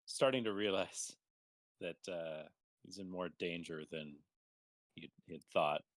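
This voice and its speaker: A man playing a tabletop game, speaking hesitantly and haltingly with restarts. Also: sits low, no echo. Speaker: player. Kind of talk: tabletop role-play.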